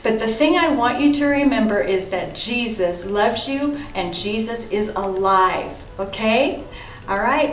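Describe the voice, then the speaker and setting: A middle-aged woman teaching a children's church lesson, gentle and sing-song, with bursts of excitement. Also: mid-range voice, distant mic. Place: church room. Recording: echoey room, voice from off-mic, soft music behind.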